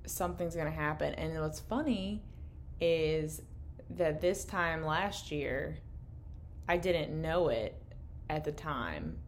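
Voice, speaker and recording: A woman's voice: low voice, expressive, slow pace, a little hiss or hum. Candid, rambling young woman podcaster. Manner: candid, swears freely, rambling with restarts. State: losing her voice. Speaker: podcast co-host. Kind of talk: casual late-night chat. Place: indoor room, in person.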